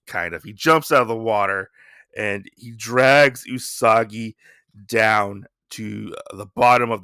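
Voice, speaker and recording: A man's voice: medium pitch, pushed and bright, no room sound, studio quality. A man hosting a podcast, casually recapping a comic story with lots of rambling fillers. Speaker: podcast host.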